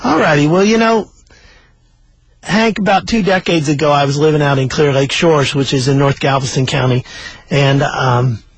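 An older man, a storyteller and author, telling a story in a folksy, animated way and acting out the dialogue. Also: fairly high pitch, moderate pace, husky, no room sound, low-quality recording. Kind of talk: oral storytelling.

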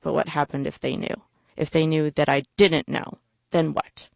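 A woman's voice: sits low, flat delivery, moderate pace, gravelly, a little mellow, no echo. Wry woman telling a personal story. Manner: wry, self-mocking delivery.

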